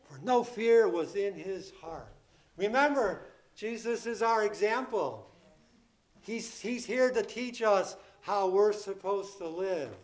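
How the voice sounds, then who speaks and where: A man preaching a sermon, emphatic and repetitive, asking the congregation questions and acting out the disciples' frightened pleas. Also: high voice. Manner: emphatic, repeats key phrases, asks the congregation questions; acts out the disciples' panicked pleas in a raised voice.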